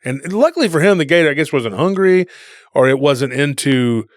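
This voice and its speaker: A man's voice: on the high side, very animated, fairly quick, no echo, studio quality. A man co-hosting a podcast, telling rambling stories in a casual conversational way and often calling people "dude.". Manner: rambling storyteller, says "dude". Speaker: podcast co-host.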